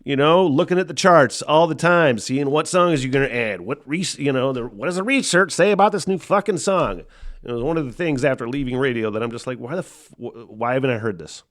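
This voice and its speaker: A man's voice: a little high, animated, fairly quick. A middle-aged American man, a podcast host and former rock radio DJ, ranting casually with frequent swearing and laughter. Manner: profane, ranting, laughs often. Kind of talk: casual reaction commentary.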